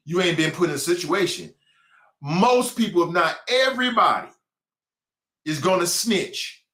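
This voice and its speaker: A man's voice: fairly high pitch, big pitch swings, moderate pace, a bit bright, reverberant. A man hosting a talk show with a Cincinnati accent, delivering a blunt, mocking, streetwise opinion monologue.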